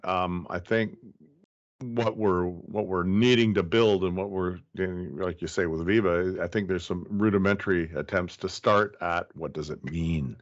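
A man's voice: sits low, fairly even intonation, measured pace. Man explaining things in a dull lo-fi recording. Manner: explanatory, circles back with restarts. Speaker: guest. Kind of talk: casual conversational interview.

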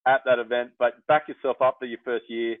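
A man with an Australian accent, a surf coach, talking bluntly and telling animated stories in a casual chat. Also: mid-range voice, a little fast, no room sound. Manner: blunt, animated storytelling with swearing. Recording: dry, phone-like narrow sound.

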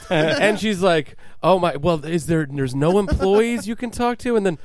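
A man's voice: high voice, moderate pace, hardly any pauses, dry recording. A man in casual storytelling, acting out voices from his own anecdote. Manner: animated, acts out a childlike voice in his story.

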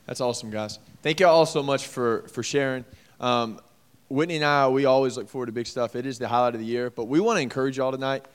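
A man's voice: medium pitch, fairly even intonation, quick pace, clear, resonant tone. A man, leading a youth group and encouraging them in a casual preaching manner. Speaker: youth pastor.

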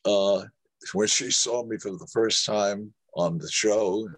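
A man's voice: on the low side, slow pace, no room sound. Een oudere man met een heel lage, hese stem vertelt anekdotes als gast in een interview. Hij valt zichzelf vaak in de rede en citeert anderen. Het geluid is droog en dichtbij. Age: older. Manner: rambling, with restarts and quoted dialogue. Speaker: actor guest. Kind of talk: anecdotal interview storytelling.

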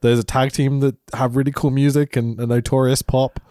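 A man's voice: mid-range voice, level tone, fairly quick, dark tone, dry recording, clean studio sound. A man recovering from a throat infection, co-hosting a casual chat and laughing often. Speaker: podcast co-host.

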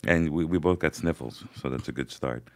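Very deep-voiced older Brooklyn man host. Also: no room sound. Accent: faded Brooklyn. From Brooklyn, New York. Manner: rambling, halting with many uh and um. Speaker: podcast host. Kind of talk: casual interview chat.

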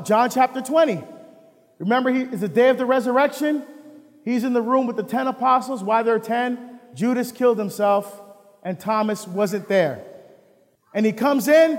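A man from the United States preaching a sermon as a deacon, lively and full of rhetorical questions. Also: high voice, big-room sound.

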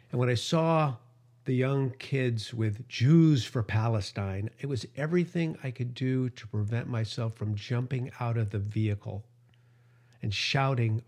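A man hosting a radio show and podcast, talking in an emotional monologue that climbs higher in pitch when he is outraged and sometimes stumbles over his words. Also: darkish tone.

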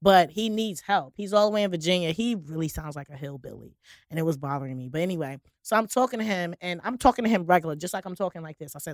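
A young woman with a lowish voice chats on a podcast, frank and emphatic. She tells stories and acts out her own lines. The recording is close and dry. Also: fast talker, no room sound. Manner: frank, emphatic storyteller who quotes herself. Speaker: podcast co-host. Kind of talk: casual chat.

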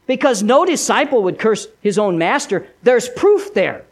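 A male pastor preaching a sermon in a dramatic storytelling way, swinging between loud emphasis and hushed, low lines.

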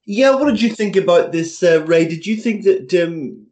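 A man hosting a podcast, asking his co-hosts questions about football in a halting way. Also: sits high, lively intonation, darkish tone. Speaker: podcast host. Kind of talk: casual football chat.

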